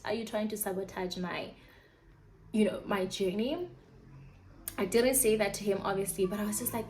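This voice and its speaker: A woman's voice: mid-range voice, fairly even intonation, normal speed, long pauses, darkish tone, slight background noise, low-quality recording. A young woman vlogger telling a candid personal storytime, chatty and open, acting out her own past reactions in quoted asides.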